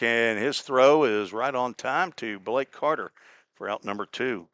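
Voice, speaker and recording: A man from Cincinnati calling a baseball game play by play, chatty and folksy, drifting into small talk between pitches. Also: a little slow, a bit bright, smooth, dry recording. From Cincinnati, Ohio. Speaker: play-by-play announcer. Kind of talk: live baseball radio commentary.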